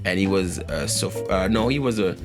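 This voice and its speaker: A man's voice: low voice, normal speed. A man in his forties from France, speaking English with a French accent, telling a meandering story in a documentary interview. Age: 40s. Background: guitar music.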